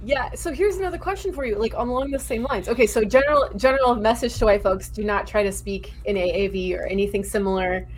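A woman's voice: on the high side, fast, hardly any pauses, a little hiss or hum. A woman hosting a podcast, asking her guest questions in a curious, hesitant way. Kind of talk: casual podcast conversation.

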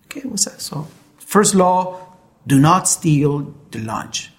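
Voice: medium pitch, lively intonation, slow pace. A preacher giving a sermon and telling an illustration story, speaking earnestly and often repeating words while searching for them.

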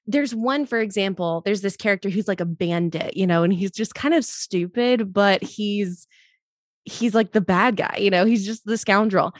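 A woman's voice: medium pitch, moderate pace, no room sound, clean studio sound. A woman guest on a podcast, an actress, chatting casually and often laughing as she explains. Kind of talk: casual interview chat.

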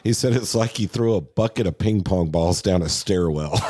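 A man chatting casually and enthusiastically about bass players, laid-back and swearing now and then, with music playing behind him. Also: heavy background noise.

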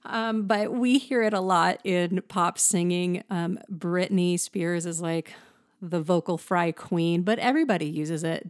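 A woman's voice: lowish voice, no room sound, clean studio sound. A woman from Southern California with a touch of a Valley accent, teaching singing and demonstrating sounds with her voice. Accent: Valley girl. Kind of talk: vocal lesson.

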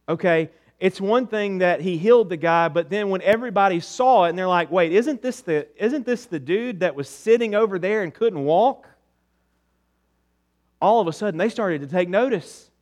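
A man preaching a sermon as pastor, asking rhetorical questions and dropping soft on key words. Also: sits high.

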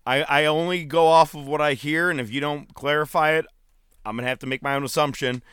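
A man's voice: a little high, fairly even intonation, a little fast, a bit bright, smooth, no echo, clean studio sound. A man co-hosting a casual talk show, making sardonic, crude jokes. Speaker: podcast co-host. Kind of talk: casual chat.

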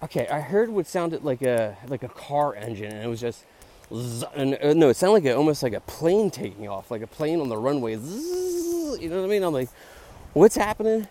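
A man's voice: mid-range voice, very animated, fast talker, hardly any pauses, warm tone. A middle-aged man, a podcast host rambling casually as he walks a park trail. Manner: rambling, chatty, says "dude" and "like" a lot. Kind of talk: casual walk-and-talk monologue.

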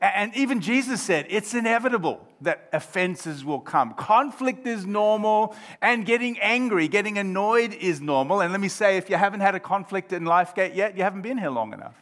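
A man's voice: sits high, lively intonation, fairly quick, hardly any pauses, fairly bright tone. A man preaching a sermon as pastor of his church, joking and drawing the congregation in. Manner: humorous, engaging the congregation.

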